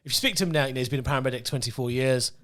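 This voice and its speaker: A man's voice: mid-range voice, racing, a bit bright. A man co-hosting a casual podcast with an English accent, telling sweary, jokey stories. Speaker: podcast co-host.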